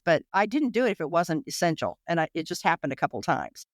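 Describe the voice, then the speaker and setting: A woman's voice: lowish voice, sing-song, no room sound, clean studio sound. A woman guest in an interview, recounting her experiences in a candid, emotional way with many restarts and fillers. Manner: rapid, emotional, full of restarts and "you know".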